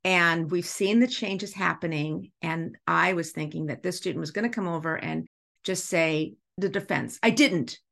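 A middle-aged woman with a fairly low voice tells a story from her school as a podcast guest. She talks with animated feeling, acts out the voices in the scene, and laughs easily. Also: normal speed, gravelly. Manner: animated, acts out dialogue while telling stories. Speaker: executive director of a school.

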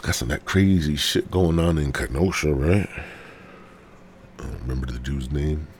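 A man with a rumbling low, slightly mellow voice talks at a moderate pace with a little hiss or hum in the recording. Hosting a podcast solo while sick with a cold, he rambles through a casual, stoned rant, sighing and cursing.

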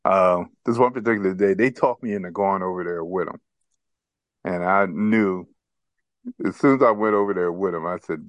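A man's voice: sits low, normal speed, dry recording. A man co-hosting a podcast, telling a childhood story in casual chat and laughing as he goes. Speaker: podcast co-host.

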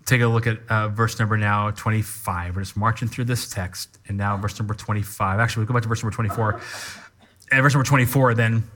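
Guy preaching to his church, pretty animated, bright kinda sharp voice. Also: fairly low pitch, fast talker. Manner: animated teaching with live demonstration. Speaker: pastor. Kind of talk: sermon.

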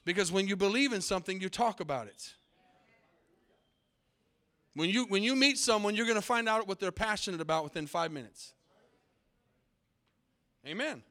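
In a church sanctuary, a middle-aged man delivers a sermon as pastor, his voice sitting high, bright and forceful. He speaks at a normal speed with frequent pauses, animated and emphatic, drawing call-and-response from the congregation.

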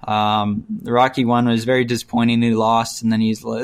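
A man talking in a casual, relaxed chat with a middle-pitched voice. He rants bluntly, piles on his complaints and breaks into quick mimicked voices as he goes. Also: clear, resonant tone. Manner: ranting, blunt, mimics voices mid-story. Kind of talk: casual chat reviewing movies.

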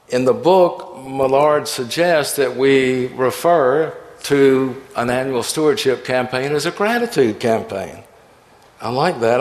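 A man preaching a sermon as pastor. He reads scripture and tells stories, and he voices the quoted lines. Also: medium pitch. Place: church sanctuary. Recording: echoey, reverberant church hall.

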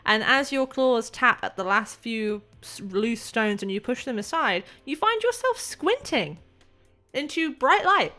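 A woman narrating as game master in a tabletop role-playing game, describing scenes in a measured way with pauses. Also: fairly high pitch, very animated, pushed and bright, soft background music.

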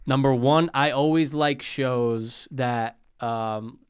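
A man chatting casually on a podcast, swearing freely and gushing in long, rambling stretches. His voice is mid-pitched and sits close and dry on the mic, with no room sound. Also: slow, clear, resonant tone, no echo. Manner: profane, enthusiastic, talks in long run-on stretches. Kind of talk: casual chat.

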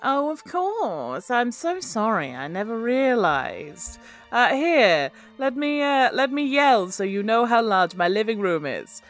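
A woman's voice: a little high, very animated, slow, voice pushed down. A woman voicing a theatrical, boastful male cat burglar who is half cat, with faint music behind. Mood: smug.

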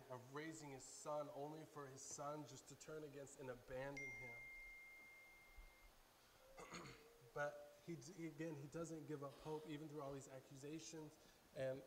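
A man preaching a sermon in an earnest way, often restarting and repeating his words. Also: fairly high pitch. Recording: faint hum in a long-reverb hall.

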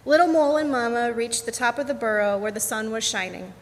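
A woman reading a picture book aloud to children at a worship service, gentle and unhurried. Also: a little high, steady tone. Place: church sanctuary. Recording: echoey sanctuary, faint hum.

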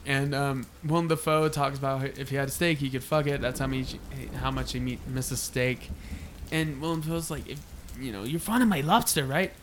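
Podcast co-host, man, mid-pitched, relaxed recapping with easy laughs. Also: normal speed, a little hiss or hum. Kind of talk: casual chat about a film.

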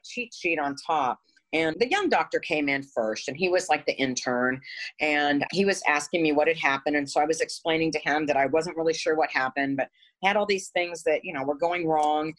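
A woman's voice: low voice, a bit bright, poor audio. A woman being interviewed, telling a personal story in a frank, earnest way with wry asides. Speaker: interview guest.

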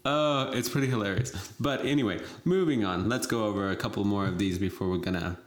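A woman with a very low voice talks through a casual podcast chat. She rambles from point to point in a chatty way and laughs easily. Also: fairly quick. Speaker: podcast co-host.

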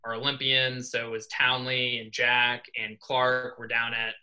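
Very bright-voiced young man telling a story. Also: medium pitch, unhurried, low-quality recording. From New York. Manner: animated, acts out quoted dialogue. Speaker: assistant swim coach, guest. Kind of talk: casual interview storytelling. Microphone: podcast microphone.

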